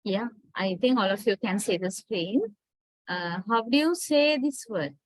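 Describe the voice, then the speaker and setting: A woman's voice: mid-range voice, measured pace, no room sound, poor audio. A woman with a Sri Lankan English accent, lecturing an online class and patiently explaining, often checking with "right?".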